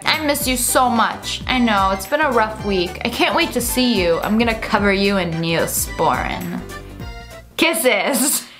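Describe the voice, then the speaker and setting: Laughing young woman with a lively voice. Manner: laughs often, reads texts in high mocking voices. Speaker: YouTube host reading funny texts. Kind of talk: casual reaction commentary.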